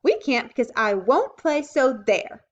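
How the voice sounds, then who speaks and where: A woman's voice: high voice, sing-song, a little slow, voice pushed up. A woman voicing a sensible older sister, earnest and eager, often exasperated with her little sister. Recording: dull lo-fi recording.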